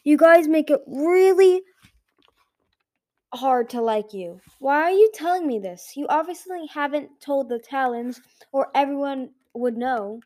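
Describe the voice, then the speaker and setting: A woman reading as a frustrated, hurt young female dragon. She speaks emphatically and bitterly in a mellow voice that jumps higher when she is upset. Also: animated, normal speed, no echo, studio quality.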